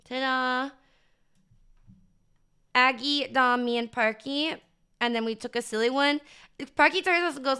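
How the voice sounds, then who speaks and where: A woman's voice: sits high, steady tone, normal speed, pushed and bright. A young woman streamer chatting casually to her live chat, bubbly and gushing, with lots of fillers.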